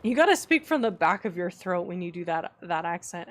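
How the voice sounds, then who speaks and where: A woman streaming and chatting casually with her viewers, playful and laughing often, her voice a little rough. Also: lowish voice, sing-song, a little fast. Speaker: streamer reading chat. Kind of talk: casual live-stream chat.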